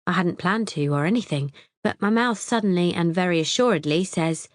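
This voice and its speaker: A woman's voice: lowish voice, brisk, dry recording, clean studio sound. Wry woman narrating an audiobook. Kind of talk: first-person audiobook narration.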